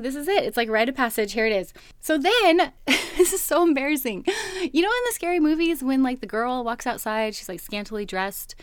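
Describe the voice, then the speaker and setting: A woman podcast host tells a personal story in a relaxed, chatty monologue. Her voice sits a little high, and she laughs often as she talks. The recording is dry and close, with no room echo.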